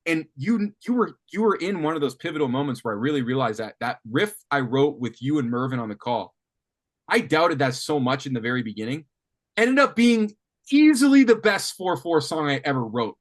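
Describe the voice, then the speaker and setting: A man coaching a student on writing guitar riffs, thinking aloud with lots of restarts and animated talk. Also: on the high side, fairly quick. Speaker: music coach. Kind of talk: teaching songwriting on a call. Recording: faint guitar music behind.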